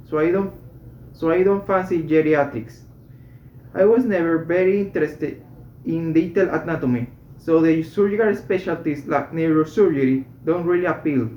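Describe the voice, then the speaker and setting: A man's voice: fairly high pitch, darkish tone. A man reading medical English textbook exercises aloud, carefully and with a few slips and restarts. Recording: echoey room, dull lo-fi sound, faint noise.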